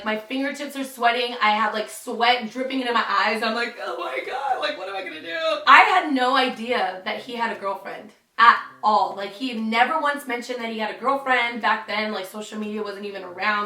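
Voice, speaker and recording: A woman's voice: a little high, fairly quick, few pauses, pushed and bright. Chatty young woman telling a story. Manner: chatty, dramatic, full of "like". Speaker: vlogger. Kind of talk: storytime vlog. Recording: roomy, distant, faint music.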